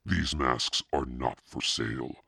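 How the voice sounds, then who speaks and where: A man's voice: very deep voice, slow pace, vocal fry, pushed and bright, slightly rough, no echo, clean studio sound, exaggerated voice. A man reading a stern, impatient shopkeeper in an audiobook, firm and warning.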